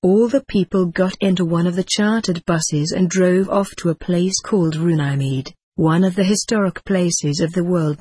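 An older man reading his own book aloud in a measured, wry, dry-humoured way. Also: high-pitched, darkish tone, breathy edge, dry recording. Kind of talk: audiobook narration.

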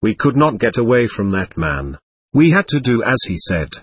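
A man's voice: medium pitch, very animated, normal speed, husky, no echo. A man reading as an indignant, confused ghost. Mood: bewildered. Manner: defiant, suspicious and bewildered. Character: indignant confused ghost of a dead adult, hostile. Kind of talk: reading a dialogue aloud.

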